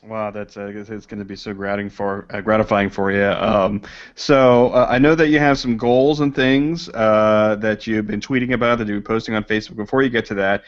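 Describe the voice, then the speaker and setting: A man's voice: fairly low pitch, little pitch movement, a little fast. A man hosting a casual video-call interview, enthusiastic and full of exclamations. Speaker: host. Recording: dull lo-fi call audio.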